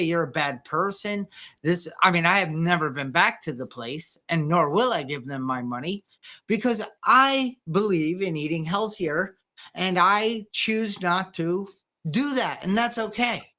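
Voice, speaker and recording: A woman's voice: lowish voice, unhurried, sharp tone. A woman hosting a podcast in casual conversation, talking in loose, rambling sentences full of fillers and restarts. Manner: rambling, many restarts and fillers, acts out quoted dialogue. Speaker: podcast host. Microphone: podcast microphone.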